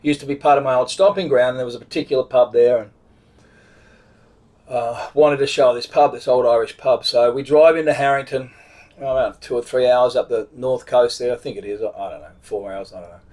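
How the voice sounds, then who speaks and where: A man's voice: mid-range voice, fairly even intonation, brisk, darkish tone. A middle-aged Australian man casually retelling a road trip story, rambling, with many restarts. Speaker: vlogger telling a travel story.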